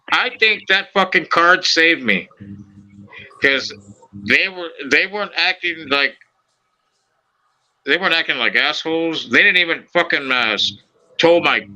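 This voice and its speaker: Bright-voiced animated Los man. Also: a little high, poor audio. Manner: animated, profane, acts out quoted voices. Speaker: podcast host. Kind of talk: casual storytelling chat.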